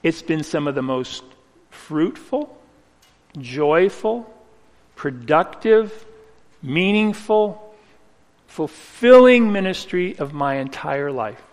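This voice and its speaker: A man preaching a sermon, telling a personal story earnestly with slow, emphatic phrasing. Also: a little high, lively intonation. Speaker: pastor. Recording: reverberant hall.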